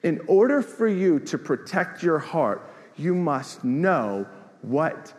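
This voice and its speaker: A man's voice: on the high side, sing-song, takes it slowly. Middle-aged male pastor, sermon delivery with call-and-response, echoing church hall. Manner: preaching with call-and-response asides to the congregation; repeats words and restarts, swings between loud declarations and quieter storytelling. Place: large church sanctuary. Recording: long hall reverb in a church.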